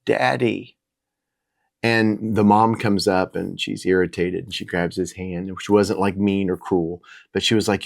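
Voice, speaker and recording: A middle-aged man talks about faith in a casual, reflective way, earnest and a little halting, often restarting his sentences. His voice sits very low. The sound is close and dry, with almost no room echo. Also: vocal fry. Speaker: Christian minister.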